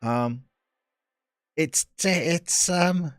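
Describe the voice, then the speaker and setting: A man's voice: on the high side, very slow, dry recording. Chatty, teasing man streaming a game. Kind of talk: casual live-stream chat.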